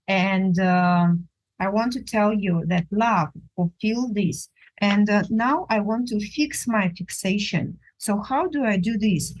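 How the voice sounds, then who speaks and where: Female art instructor, mid-pitched, unhurried, halting delivery during a drawing demo. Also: darkish tone, poor audio. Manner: halting, searching for words; unhurried, thinking aloud while drawing. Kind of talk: drawing demonstration lesson.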